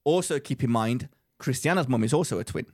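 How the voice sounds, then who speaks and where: Young male podcast co-host, mid-pitched, animated storyteller, frequent laughter. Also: a little fast. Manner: excitable storyteller, laughs often. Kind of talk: casual chat.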